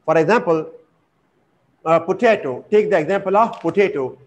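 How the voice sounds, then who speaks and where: A man with a high-pitched voice teaches an English lesson at a deliberate pace. He pauses on "uh" and repeats each word syllable by syllable, leaning hard on the stress. The recording is muffled and lo-fi. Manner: slow and deliberate, repeating words with exaggerated stress, frequent "uh". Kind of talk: vocabulary lesson. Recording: dull lo-fi recording.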